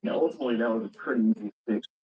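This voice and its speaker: Fast-talking man on a dull lo-fi stream. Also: mid-range voice, a little hiss or hum. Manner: step-by-step, muttering to himself while working. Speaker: repair streamer. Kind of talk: casual repair walkthrough.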